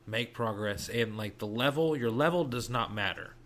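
A man's voice: mid-range voice, normal speed, fairly bright tone. A man co-hosting a casual gaming podcast, explaining game mechanics and dropping dry wisecracks. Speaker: podcast co-host.

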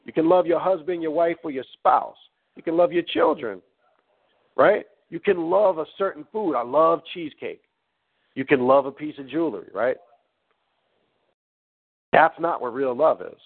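Man, blunt and preachy, swearing, teaching talk, tinny phone-like sound. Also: mid-range voice. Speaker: host.

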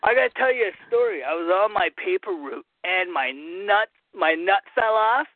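Rowdy male phone-in guest, high and swooping, thin tinny line. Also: expressive, moderate pace, dry recording. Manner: boisterous, rambling, jokey. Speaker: call-in regular guest. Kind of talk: rowdy casual chat.

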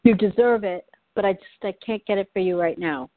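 A man in a coaching session, speaking softly and tenderly as he apologizes to his younger self. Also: high voice, steady tone, no room sound, narrow, tinny audio. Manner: slow, soft-spoken, tender. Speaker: coaching client. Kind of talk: coaching session, addressing inner child.

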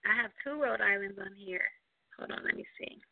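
This woman hosts a community call in a slow, easygoing way. Her voice has a gravelly fry and lots of laughter. The sound is dry and narrow, like a phone line. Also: mid-range voice, no echo. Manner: loose and chatty, laughs often. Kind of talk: casual online call hosting. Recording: tinny phone-line audio.

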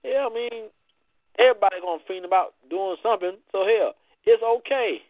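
Male show host, high and animated, brash and preachy, dry phone-quality audio. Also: fairly quick, dry recording. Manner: loud, playful, preachy banter with frequent cursing. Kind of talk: casual radio-style chat.

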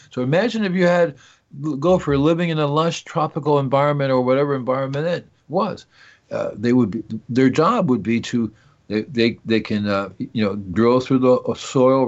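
Rambling, jokey radio garden-show host. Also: male voice, mid-range voice, highs cut off. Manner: rambling, jokey, talks to himself. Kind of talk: casual call-in gardening talk.

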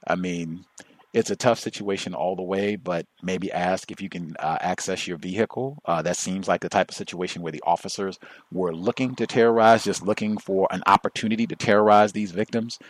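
Man, call-in show host, low voice, measured and emphatic, dry close sound. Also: dry recording. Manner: measured and emphatic, stressing words slowly. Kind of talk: call-in radio commentary.

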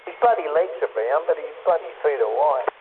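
A man's voice: a little high, lively intonation, brisk. A man with an Australian accent chatting over CB radio, rambling, swearing freely and laughing often. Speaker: CB radio caller. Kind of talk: casual banter over CB radio. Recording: tinny CB radio with hiss.

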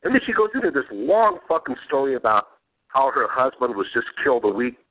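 A man's voice: mid-range voice, sing-song, fairly quick. A male podcast host telling profane family stories in casual chat and laughing between lines. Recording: phone-like narrow sound.

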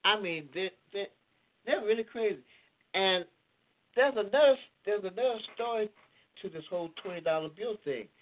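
A man's voice: high voice, expressive, normal speed. A man co-hosting a casual political talk show, telling a story in disbelief and repeating himself for emphasis. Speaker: podcast co-host. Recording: tinny phone-like sound.

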